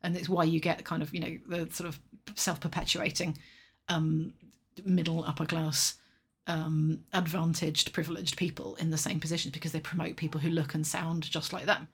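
A woman's voice: sits low, little pitch movement, moderate pace, breathy edge. A woman co-hosting a podcast, chatting thoughtfully with lots of hedging. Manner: thoughtful, hedging, laughs often. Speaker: podcast co-host. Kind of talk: casual chat.

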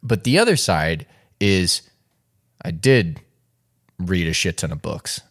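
A man's voice: low voice, big pitch swings, slow, a bit bright. A man in a casual podcast chat, speaking with frustrated emphasis and heavy swearing.

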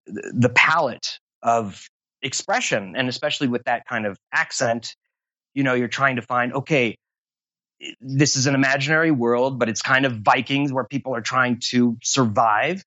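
A man's voice: mid-range voice, moderate pace, bright, forceful tone, dry recording, lo-fi sound. A man being interviewed about voice acting, talking at length in a rambling, self-deprecating way. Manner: rambling, long-winded, self-deprecating humor. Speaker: voice actor interview guest. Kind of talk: casual interview talk.

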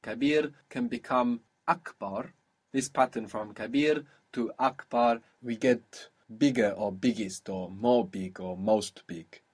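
A man teaching a one-on-one spoken language lesson, patiently explaining and modelling words slowly. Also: mid-range voice, slightly rough.

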